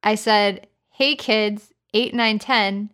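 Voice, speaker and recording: A woman's voice: medium pitch, fairly even intonation, slow, fairly bright tone. A woman co-hosting a podcast in casual chat, a playful, jokey storyteller who breaks into mock accents. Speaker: podcast co-host.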